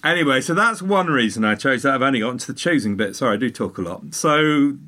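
A man chatting casually, telling a long story with animated asides and tangents. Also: mid-range voice, fast talker. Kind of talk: casual chat.

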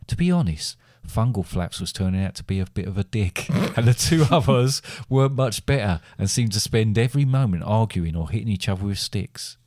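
A middle-aged man with a lowish voice reads a silly fantasy tale with dry, deadpan timing. The recording is close and dead, with no room sound at all. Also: a little fast, few pauses, no room sound. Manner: deadpan, wry storytelling. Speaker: podcast co-host, father. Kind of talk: comic story read aloud.

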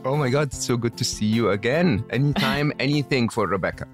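As a guest on a podcast, a man explains things to the interviewer with confident, teacherly authority, frequently tacking on "hmm?" or "okay?" to check in. His voice is medium-pitched and a little fast, with faint music behind it.

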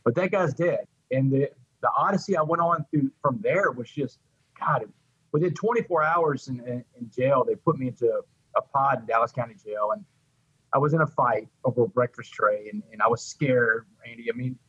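A man's voice: medium pitch, normal speed, fairly bright tone, breathy edge, no echo, highs cut off. A middle-aged man telling his recovery story in an interview, heartfelt and repeating words as he goes. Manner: heartfelt, repeats words, addresses the host by name.

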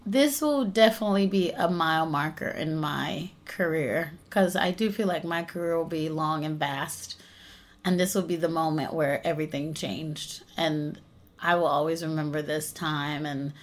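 Her voice is deep and her pace moderate as this young American actress and singer spins animated stories in a casual interview chat, laughing a lot along the way.

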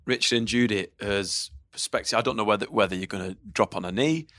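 A man's voice: fairly low pitch, fairly quick, a bit bright, no room sound, studio quality. A man hosting a podcast, asking questions and chatting in a friendly way. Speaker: podcast host. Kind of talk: casual chat.

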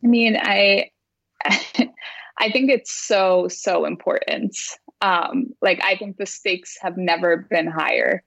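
A woman's voice: mid-range voice, fairly even intonation, slow pace, creaky, a bit bright, dry recording, highs cut off. A woman math teacher speaking earnestly in a casual conversation, often laughing as she talks and filling her sentences with "like.". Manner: earnest, laughs while talking, many "like"s.

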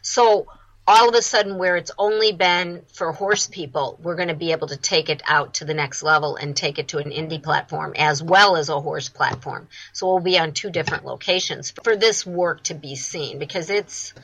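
A woman's voice: sits low, moderate pace, fairly bright tone, lo-fi sound. A woman from the United States, a film festival founder, talking eagerly as an interview guest.

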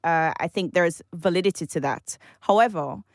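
A woman co-hosting a casual panel discussion, animated and laughing often as she talks in long, flowing runs. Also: fairly low pitch, moderate pace, no room sound, clean studio sound. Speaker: podcast co-host.

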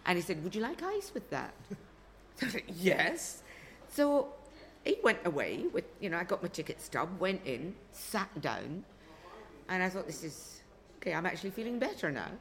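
A woman's voice: lowish voice, big pitch swings, moderate pace, a bit bright, a little hiss or hum. A woman reviewer telling a chatty anecdote in a podcast interview. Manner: chatty storyteller, quoting others.

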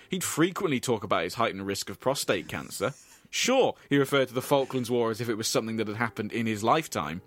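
Male podcast host, deadpan storyteller; animated pitch, dry booth sound. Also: no echo. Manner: dry, deadpan delivery of absurd stories with asides.

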